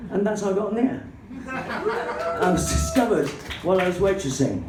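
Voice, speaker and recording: An English woman doing stand-up comedy, an excitable, swearing storyteller who acts out the people in her story. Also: normal speed, over music. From England. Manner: excitable, swearing, acting out characters in shrill put-on voices. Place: comedy club stage. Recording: roomy hall, voice from a distance, faint background noise.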